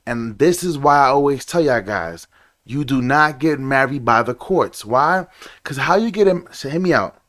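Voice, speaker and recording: A man's voice: mid-range voice, expressive, moderate pace, a bit bright. A young man hosting a reaction video, ranting casually and swearing often.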